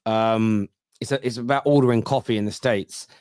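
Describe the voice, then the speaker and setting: A man's voice: fairly low pitch, fairly even intonation, moderate pace, a little mellow, clean tone, no echo, studio quality. A middle-aged man with a Cockney accent, chatting casually on a football podcast and telling stories with plenty of restarts. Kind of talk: casual chat.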